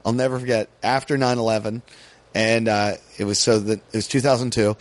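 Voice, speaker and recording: A man's voice: on the low side, steady tone, brisk, no room sound. An American man, a comedian, telling stories in a casual podcast chat and swearing freely.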